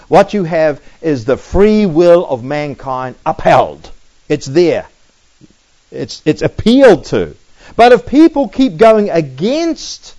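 Animated preacher explaining scripture. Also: male voice, fairly high pitch, highs cut off. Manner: reads scripture aloud then explains it, animated emphasis. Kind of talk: Bible teaching sermon.

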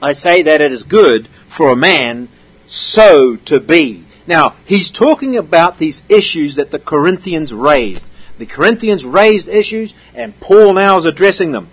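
Male preacher, husky tone, pitched high; conversational sermon style, keeps asking the congregation questions. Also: expressive, measured pace, rough recording. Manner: conversational, with frequent rhetorical questions. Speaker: preacher teaching from a Bible passage.

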